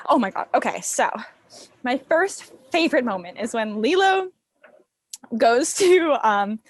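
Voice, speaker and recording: Giggly young woman, bright high voice. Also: a little slow, no room sound. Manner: animated, giggly, slangy storyteller. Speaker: podcast guest. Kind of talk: casual podcast chat.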